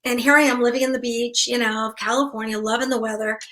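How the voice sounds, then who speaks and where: Bright, lively storytelling woman. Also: fairly high pitch, fast. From New Hampshire. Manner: animated storyteller, acts out quoted voices. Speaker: guest, asylum owner. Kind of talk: casual storytelling interview.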